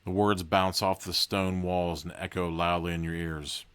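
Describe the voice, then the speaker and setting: A man's voice: low-pitched, little pitch movement, moderate pace, hardly any pauses, a bit bright, smooth. A man hosting a podcast, casually reading a horror gamebook aloud and breaking off for joking asides. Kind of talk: casual read-aloud with commentary.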